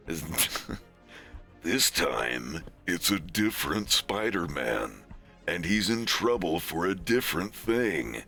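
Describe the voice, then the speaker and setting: A man's voice: deep voice, very animated, slow, gravelly, pushed and bright, soft background music. A man streaming, chatting casually in a rambling, sarcastic way and laughing often.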